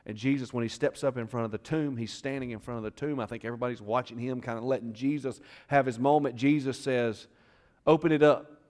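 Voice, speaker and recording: A male pastor in the middle of a sermon, telling the story like he is right there in it. He talks to the congregation directly, tosses them questions, and lets his volume swing from near hush to full-voiced bursts. His pitch sits in the middle of the male range. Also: fairly even intonation, fast talker, hardly any pauses. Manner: dramatic storytelling, swings between loud and hushed; conversational, asks the crowd questions.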